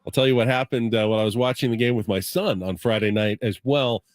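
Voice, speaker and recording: A middle-aged man co-hosting a sports radio show, briskly running through stats and story lines. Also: mid-range voice, dry recording. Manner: brisk, listing facts and stats, dry. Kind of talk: sports talk radio banter. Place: radio studio.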